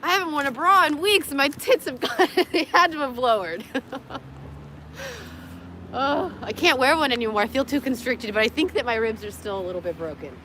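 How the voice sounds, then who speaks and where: A woman's voice: high-pitched, fairly quick, sharp tone, a little hiss or hum. A tired young woman rambling through a livestream from her parked car, joking crudely, laughing often and cooing at her dogs. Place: parked car in a parking lot.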